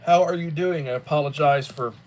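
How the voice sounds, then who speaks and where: A tired, yawning man hosting a casual livestream chat, rambling and unhurried, often repeating words. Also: fairly high pitch, darkish tone, slight background noise. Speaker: livestream host.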